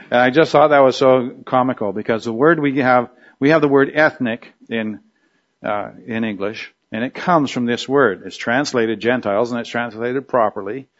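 A man's voice: mid-range voice, moderate pace, highs cut off. A man teaching a Bible study lecture, explaining a passage in a conversational way with frequent fillers and restarts. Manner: uses a drawing tool on screen while teaching.

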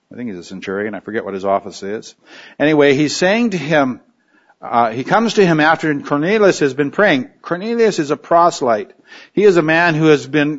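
A man's voice: on the high side, highs cut off. A man preaching an expository sermon, teaching in a conversational way and now and then acting out short quotes. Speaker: pastor.

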